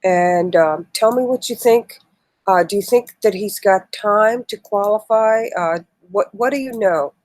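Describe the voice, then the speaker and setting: A woman's voice: medium pitch, measured pace, a little mellow, no echo, poor audio. A woman hosting a casual political live stream, reading news articles aloud with indignant, emotional asides. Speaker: political livestream host.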